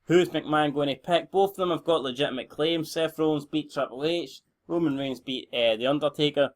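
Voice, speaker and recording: A man's voice: on the high side, fairly quick. A young Scottish man giving rambling, blunt, sweary commentary on a game he is playing. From Scotland. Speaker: gaming channel host.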